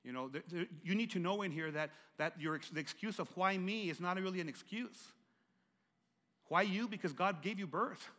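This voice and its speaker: A middle-aged man preaches a sermon with a stutter, repeating words as he pushes through them. His voice sits high and bright, dropping to near-whispers and rising to loud, emphatic calls. A long reverb from a large church hall trails each phrase. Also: moderate pace. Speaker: pastor.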